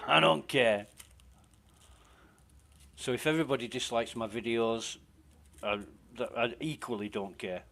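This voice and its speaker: A man's voice: on the low side, fairly bright tone. A man, chatting casually while streaming a game, rambling and swearing as he talks, often cutting himself off mid-sentence. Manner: rambling, sweary, self-interrupting.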